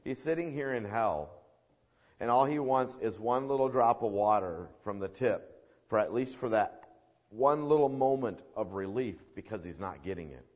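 Man, low voice, earnest sermon, long hall reverb. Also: animated, normal speed, a little mellow, highs cut off. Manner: earnest, emphatic preaching. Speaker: preacher.

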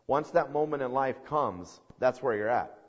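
A man's voice: medium pitch, expressive, moderate pace. Earnest male preacher, emphatic delivery, dull lo-fi sound. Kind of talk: sermon. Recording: dull recording with long hall reverb.

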